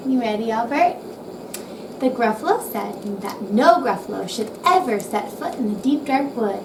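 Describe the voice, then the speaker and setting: A woman calmly reading a rhyming children's picture book aloud. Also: a little high, normal speed. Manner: calm, gentle, rhythmic reading. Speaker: storybook reader. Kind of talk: bedtime story reading aloud. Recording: roomy, distant mic with background noise.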